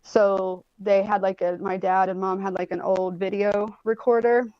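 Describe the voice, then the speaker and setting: Speaking at a moderate pace with a medium pitch and level tone, a guest from Indianapolis, USA, in her forties, chats casually and tells meandering stories full of swearing, "like," and "um." She's recorded dry over a phone or tablet on a video call, with the highs cut off.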